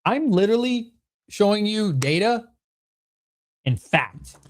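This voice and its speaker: A man's voice: high-pitched, slow. Thirties male streamer, fired-up and foul-mouthed, voice leaping all over as he argues with chat. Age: 30s. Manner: excitable, swears a lot, ranting at chat. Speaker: streamer host. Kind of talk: livestream Q&A chat.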